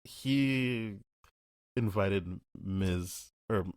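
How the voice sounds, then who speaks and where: Guy with a lowish voice, casual podcast chat, swears a lot, dry close mic. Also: very slow, smooth, no echo. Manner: blunt, swears freely, acts out characters' lines. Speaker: podcast co-host. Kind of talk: casual spoiler review chat.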